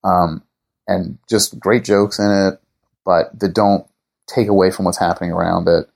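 A man's voice: low-pitched, steady tone, measured pace, creaky, darkish tone. A man being interviewed as a writer and producer, chatting casually and enthusiastically, rambling with lots of fillers and restarts. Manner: enthusiastic fan talk.

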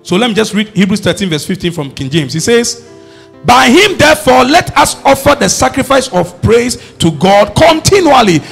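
A man preaching a sermon, emphatic and rising to shouts as he calls on the congregation to respond. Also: very high-pitched, big pitch swings, moderate pace, gravelly, breathy edge, faint music behind.

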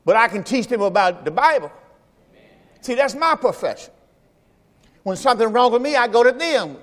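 A man's voice: extremely high pitch, very animated, moderate pace. A man preaching a sermon in a folksy style, repeating phrases and calling on the congregation to answer. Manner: preaching with call-and-response to the congregation. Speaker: pastor. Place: church sanctuary during a service. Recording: long church reverb.

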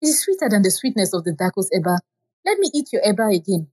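A woman's voice: mid-range voice, sing-song, quick pace, a little mellow, husky. A woman storyteller voicing an eager, insistent queen from a folk tale, pleading and repeating herself.

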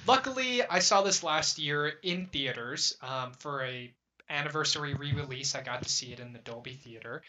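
A young man hosting a casual podcast chat, earnest and hesitant, often pausing on fillers. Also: fairly high pitch, sharp tone. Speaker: podcast host.

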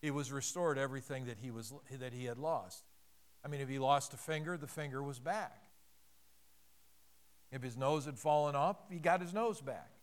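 A man preaching a sermon earnestly, swelling louder and slowing down on the key phrases. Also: mid-range voice. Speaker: pastor.

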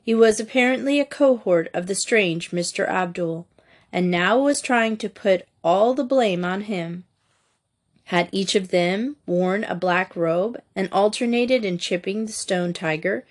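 A woman narrating a mystery novel aloud in a measured storytelling manner. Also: mid-range voice. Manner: measured storytelling, voicing each character. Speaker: audiobook narrator. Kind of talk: scripted narration.

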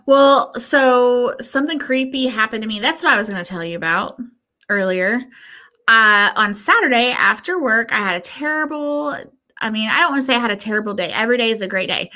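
A woman with a fairly high pitch speaks fairly quickly while co-hosting a podcast and telling a story. The conversation is casual, her telling animated, with plenty of swearing and acted-out dialogue.

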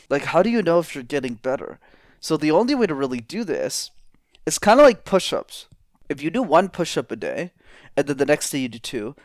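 Animated man coaching on speaking. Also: medium pitch, no room sound, studio quality. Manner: animated, demonstrates vocal tones. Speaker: communication coach guest. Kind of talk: energetic interview talk.

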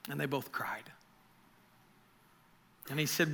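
Bright-voiced earnest male preacher. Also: a little high, moderate pace, pauses often. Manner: storytelling, earnest, addresses the church directly. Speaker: pastor. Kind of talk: sermon.

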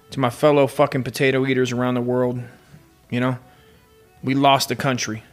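A man doing a profane, rambling comedy rant that slips into sing-song bits. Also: medium pitch. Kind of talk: crude improvised comedy rant.

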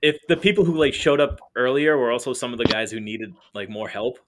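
A man's voice: mid-range voice, a little fast, background noise. A man co-hosting a podcast, telling stories in a rambling casual chat full of fillers. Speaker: podcast co-host.

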